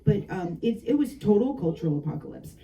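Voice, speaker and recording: A woman novelist telling anecdotes about her book at a bookshop event, lively and laughing often between asides. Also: mid-range voice, fairly quick, distant mic, a little hiss or hum, low-quality recording. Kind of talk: storytelling talk at a book event.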